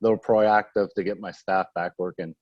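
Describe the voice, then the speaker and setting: A man's voice: low voice, steady tone, normal speed, no room sound, highs cut off. A man chef speaking candidly on a panel over a video call, with some restarts. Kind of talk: conference panel interview.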